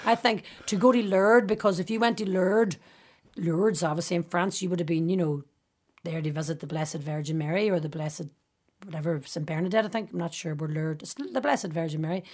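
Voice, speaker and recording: A woman's voice: lowish voice, brisk, darkish tone. A woman with a Northern Irish Derry accent, chatting as a guest and telling stories full of local slang with a laugh. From Derry, Northern Ireland. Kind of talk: casual chat.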